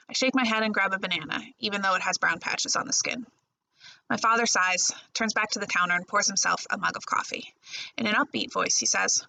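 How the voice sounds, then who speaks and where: A woman librarian reading a first-person novel chapter aloud in a steady storytelling voice. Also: mid-range voice, creaky, poor audio. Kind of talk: audiobook-style novel reading.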